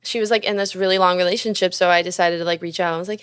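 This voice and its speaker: A woman's voice: fairly low pitch, steady tone, fairly bright tone, smooth. Young woman swearing through a storytime. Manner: fast, profane, confessional, laughing often. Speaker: podcast host. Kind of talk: candid storytime chat.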